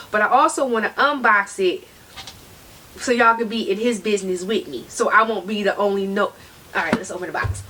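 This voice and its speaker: A woman's voice: mid-range voice, bright, forceful tone. A woman vlogging at home, chatting and teasing casually as she unboxes a delivery. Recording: distant mic, noisy room.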